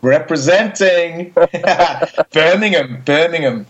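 A man's voice: mid-range voice, moderate pace. Co-host, male, loose and profane, laughs easily, dull call audio. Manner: swears freely, laughing and egging others on. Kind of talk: casual chat. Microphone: remote call.

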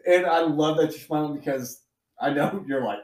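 On a podcast, this co-host tells stories animatedly, swearing casually and leaping into quoted voices delivered louder. His voice is a little high, his pace moderate, and the recording is reverberant.

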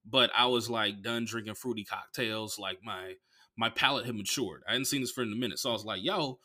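A man from the Bay Area, a comedian and podcast host, telling stories in an animated, profane way with lots of "like". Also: on the low side, a little fast. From San Francisco Bay Area. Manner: animated, profane, heavy use of "like". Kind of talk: casual comedic storytelling.

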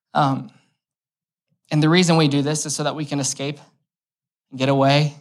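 A man's voice: a little high, a bit bright. A young man preaching a conversational sermon, telling stories with light humor. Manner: casual and storytelling, with light humor.

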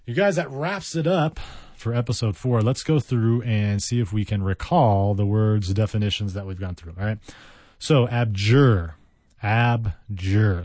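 A man hosting a casual solo vocabulary podcast, talking in a playful, rambling way with big swings in pitch and loudness. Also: no room sound, studio quality.

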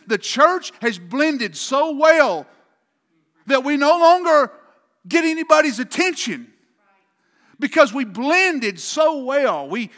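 A man's voice: extremely high pitch, sharp tone, long reverb tail. A man pastor preaching a sermon with an emphatic, repetitive cadence, speaking in a church sanctuary.

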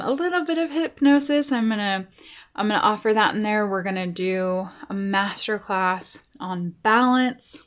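A woman's voice: mid-range voice, muffled recording. A woman life coach giving a casual motivational talk to her viewers, earnest and chatty with tough-love asides.

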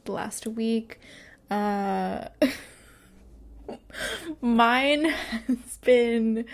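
A woman's voice: fairly high pitch, darkish tone. A young woman in her twenties telling a storytime to her viewers in a casual monologue, chatty and swearing freely, with many fillers and frequent laughter. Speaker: vlogger.

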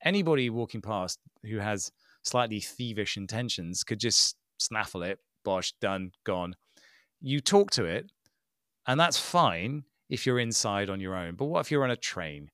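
A man co-hosting a casual tech podcast, talking in an animated, sarcastic way and mimicking people he mocks. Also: on the low side, a little slow, no room sound, studio quality. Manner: animated, mocking impressions, sarcastic. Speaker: podcast co-host.

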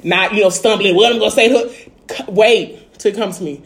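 A woman's voice: mid-range voice, fairly quick, creaky. A woman with a Dallas accent venting in a casual chat, blunt and profane with lots of filler phrases. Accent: Dallas, Texas.

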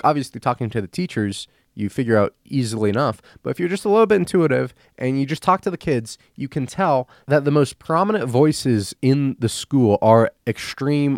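Animated male podcast host, casual ranting storyteller, lively pitch, dry close sound. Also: no room sound. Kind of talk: casual opinion rant.

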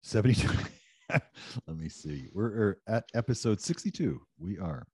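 A man's voice: lowish voice, animated, normal speed, mellow, breathy edge, no echo. A middle-aged man from Newfoundland, Canada, co-hosting a casual video call chat, laughing often and poking fun at himself. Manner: laughs often, self-mocking. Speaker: co-host.

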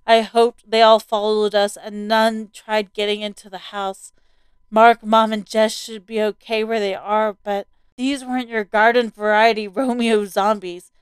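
Smooth-voiced woman narrating a horror tale. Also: on the high side, dry recording. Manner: steady, vivid storytelling. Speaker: story narrator. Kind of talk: scripted first-person horror narration.

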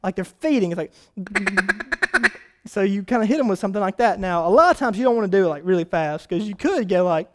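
High-voiced preacher. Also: male voice, very fast, few pauses. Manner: animated storyteller, swelling to loud emphatic preaching. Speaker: pastor. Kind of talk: sermon.

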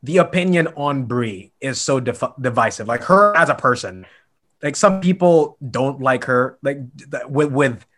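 A man in casual chat as a podcast co-host, animated and laughing often. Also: mid-range voice, measured pace.

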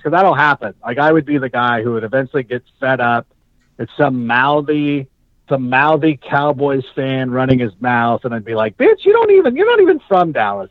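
A man hosting a casual sports chat, rambling and animated, from Southern California. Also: medium pitch, no room sound. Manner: animated, rambling, mocks fans in put-on voices. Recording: dull dry podcast audio.

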